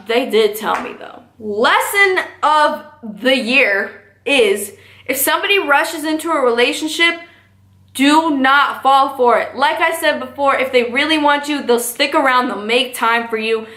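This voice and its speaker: A young woman with a high, bright voice tells a storytime vlog with sass and slang. Her delivery is animated, and the sound carries a roomy echo. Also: measured pace. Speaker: vlogger.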